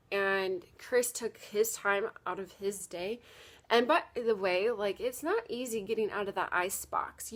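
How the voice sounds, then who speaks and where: A young woman vlogging casually, rambling through a story with lots of fillers and quoted asides. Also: mid-range voice.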